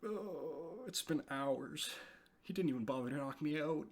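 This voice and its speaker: A man's voice: on the high side, measured pace, pitched above the performer's own voice. A man doing a wry, rambling adventurer. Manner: rambling, self-mocking.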